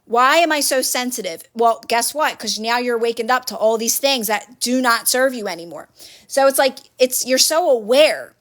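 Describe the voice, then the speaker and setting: A woman's voice: on the high side, moderate pace. A woman hosting a phone livestream, giving casual motivational advice to viewers in an earnest, repetitive coaching manner. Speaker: livestream host.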